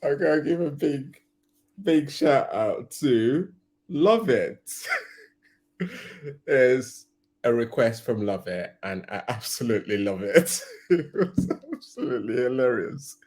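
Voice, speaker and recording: A man's voice: medium pitch, animated, a little mellow. A man hosting a reaction video, laughing often and musing aloud about what he just watched. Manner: laughs often, muses slowly with restarts. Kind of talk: casual reaction commentary.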